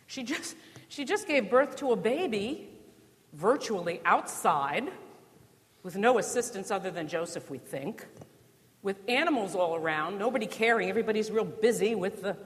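A woman's voice: mid-range voice, lively intonation, normal speed. Woman preaching in a reverberant church. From New Jersey. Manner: conversational, rhetorical questions, dry humor. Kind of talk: sermon.

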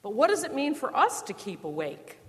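A woman's voice: high voice, huge pitch swings, brisk. A woman from New Jersey preaching a sermon in a conversational way, with rhetorical questions and dry humor, in a church. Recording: long reverb of a church.

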